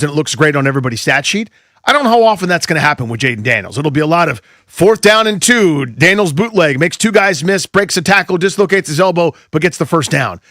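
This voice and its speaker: A man co-hosting sports talk radio who speaks quickly, his fairly high voice jumping all over. He riffs with exasperated asides, and he sounds dry and close on the mic. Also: no room sound. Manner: rapid, animated, riffing, exasperated asides.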